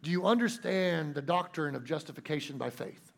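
A brisk, impatient supervisor angel firing off formal questions, played by a preacher in a sermon story. The voice is high and raised, with a gravelly edge. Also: male voice.

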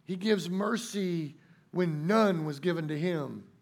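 Man preaching, folksy and emphatic, high voice, gravelly fry, slows down to stress points. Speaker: pastor. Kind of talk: sermon.

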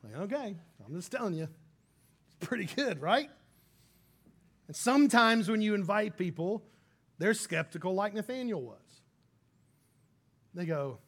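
A pastor giving a relaxed, conversational sermon in a fairly high voice for a man. He keeps it casual and animated and acts out the people he quotes in quick little voices.

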